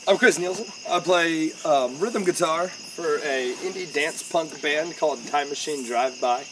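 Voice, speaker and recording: A man chimes in as a podcast guest with jokes and quick enthusiasm. His voice sits over a constant bed of background noise. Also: a little high, recorded from a distance. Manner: joking, enthusiastic. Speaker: guest, rhythm guitarist. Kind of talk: casual chat.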